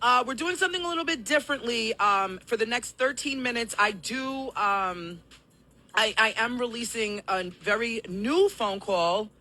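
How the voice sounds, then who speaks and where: A woman hosting a live-streamed talk show, hoarse from coughing and a little out of breath, apologetic as she explains things at length to her viewers. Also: fairly high pitch, moderate pace, sharp tone, slight background noise.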